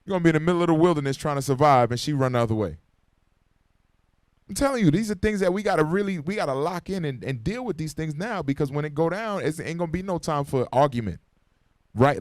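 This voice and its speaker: A man's voice: fairly high pitch, expressive, fast, no room sound, studio quality. A man teaching an informal Bible class in a room full of people. He talks to them casually and with urgency, and he keeps asking for their responses. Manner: conversational and urgent, calling for responses. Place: classroom gathering. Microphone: microphone.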